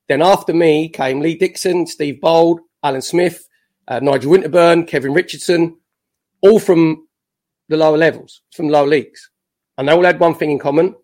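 As a podcast guest, a former footballer in his fifties tells lively anecdotes full of self-mocking jokes. His voice is a little high.

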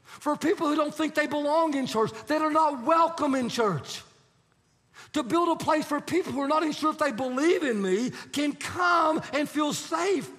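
A man's voice: very high-pitched, moderate pace, a bit bright. A male pastor preaching a sermon, telling a story and acting out the quotes. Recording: preached in a reverberant hall.

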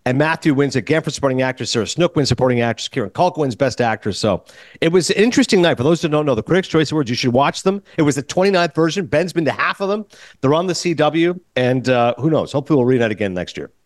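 A man hosting a podcast, telling stories in a lively, casual way and acting out conversations. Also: on the high side, quick pace, dry recording, clean studio sound. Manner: animated storyteller, acts out quoted exchanges. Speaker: podcast host.

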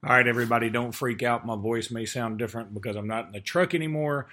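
A man's voice: mid-range voice, fast, sharp tone. Man doing a loose joking ad read. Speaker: podcast host reading ads. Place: hotel room.

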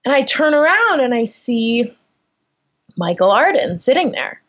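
Young woman, casual storytelling, animated, lots of fillers, dull lo-fi sound. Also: on the high side, unhurried. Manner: animated, lots of likes and ums. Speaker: guest.

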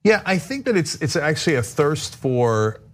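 A male host asking interview questions in a playful way, quick to laugh. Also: a little high, sing-song.

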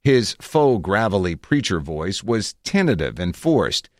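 A man narrating his own article in a reflective, measured way with wry asides, recorded on a close studio mic. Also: low-pitched, big pitch swings, no room sound. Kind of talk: scripted narration.

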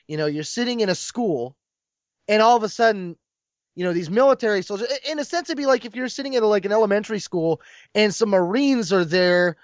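A man's voice: sits high, a little fast, no room sound. A man in casual chat, retelling a comic scene with emotion and acting out lines. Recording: dull lo-fi dry sound.

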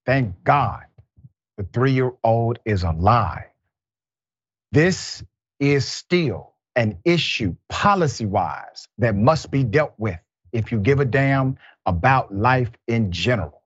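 A man's voice: medium pitch, animated, slow pace, husky, dry recording. A man hosting a news commentary show, reading reports aloud and breaking into exasperated asides. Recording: dull, muffled, lo-fi sound.

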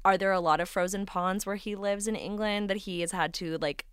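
A woman's voice: medium pitch, fairly even intonation, fairly quick, clean tone, no room sound, studio quality. A woman co-hosting a podcast, chatting casually and jokingly about a movie with lots of filler words. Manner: chatty, filler-heavy, jokey. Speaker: podcast co-host. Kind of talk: casual movie recap chat.

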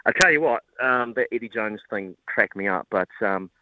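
An amused man whose pitch swings widely as he talks. The radio feed is dry and a little dull. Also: normal speed, no echo. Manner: lively, amused.

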